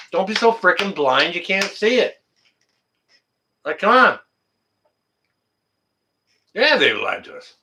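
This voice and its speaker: Man, casual live chat, blunt and swearing, animated pitch, bright tone. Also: takes it slowly, long pauses, slight background noise. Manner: blunt, swears freely, chatty and joking. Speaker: channel host answering live chat.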